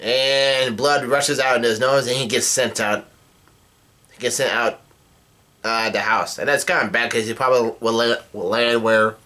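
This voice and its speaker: A man's voice: mid-range voice, steady tone, moderate pace, pushed and bright. A man casually retelling a comic chapter, rambling along with frequent fillers. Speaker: manga chapter reviewer.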